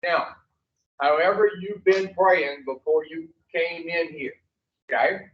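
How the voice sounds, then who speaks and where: A man with a slightly high voice leads a recovery class in an unhurried, blunt, salty way, firing questions at the group. He sounds far from the mic in an echoey classroom, and the recording is dull and lo-fi. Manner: blunt and profane, quizzing the class. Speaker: addiction recovery instructor. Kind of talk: classroom teaching with call-and-response.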